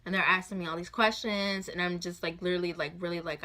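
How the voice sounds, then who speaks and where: Soft-spoken young woman, flat and low. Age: 20s. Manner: soft, halting, many fillers. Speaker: vlogger. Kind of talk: personal storytime. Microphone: phone.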